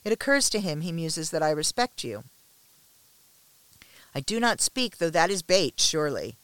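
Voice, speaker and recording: A woman reading a first-person story aloud with a measured, restrained delivery and tense pauses. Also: sits low, very animated, fairly bright tone, clear, resonant tone, dry recording.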